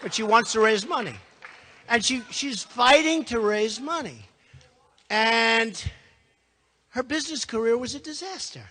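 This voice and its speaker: A man's voice: very high-pitched, bright, forceful tone. An older man giving a boastful, rambling campaign speech to a live audience, repeating himself and tossing asides to the crowd. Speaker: political candidate. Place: large hall before a live audience. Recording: long hall reverb.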